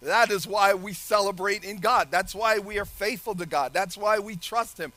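A man with a very high, bright voice preaches an animated sermon. He laughs often and shouts some phrases. The sound is dry and close. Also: moderate pace, dry recording.

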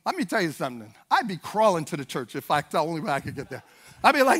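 A man preaching a sermon with fervent energy, rising to shouted peaks and acting out the voices of Bible figures. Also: a little high, sing-song, fast talker, husky.

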